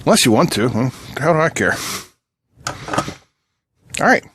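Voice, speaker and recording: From his workbench, an electronics channel host solders and tests a circuit board while chatting casually and joking with viewers in chatty asides. His male voice is medium-pitched with big pitch swings, he speaks slowly, and the background is noisy.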